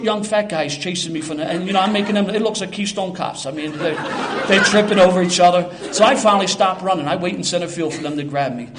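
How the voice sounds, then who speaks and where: Fast-talking older Philadelphia man. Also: sits high, background noise. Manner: animated, streetwise, self-mocking storytelling. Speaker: storyteller. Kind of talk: live storytelling to an audience.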